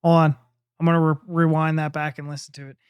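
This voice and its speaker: Rambling, excited male drummer reacting. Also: a little high, fast, dull audio, loud music behind the voice. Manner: enthusiastic, rambling, admits he is ranting; loose and talkative, full of fillers like "you know" and "like". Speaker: drummer reacting to a live music video. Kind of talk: casual reaction commentary.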